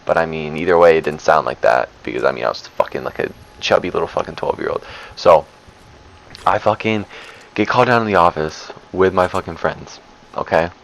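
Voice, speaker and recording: Deep gravelly young man rambling. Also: fairly quick, a bit bright, poor audio. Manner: rambling, profane, lots of fillers. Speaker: storyteller vlogger. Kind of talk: casual storytime.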